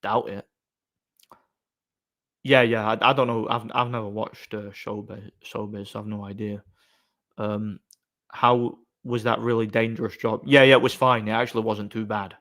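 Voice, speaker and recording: A man's voice: lowish voice, steady tone, normal speed, a bit bright. A man chatting casually on a live stream, reading comments and rambling sarcastically with many fillers and restarts.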